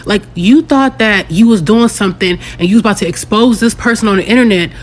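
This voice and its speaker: A woman's voice: medium pitch, quick pace. A woman commenting on a viral video with playful, slangy storytelling. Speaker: social media commentator.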